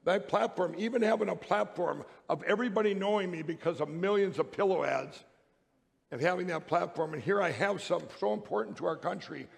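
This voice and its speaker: A man's voice: a little high, creaky. A man giving a speech to an audience, telling a rambling, emphatic story with many restarts. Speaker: public speaker. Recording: long hall reverb.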